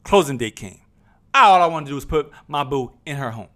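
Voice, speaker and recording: Animated man preaching his story to viewers. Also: on the high side, a little fast. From New Jersey, US. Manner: preachy, addresses viewers as brothers and sisters; repeats and restarts, acts out quoted voices. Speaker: vlogger.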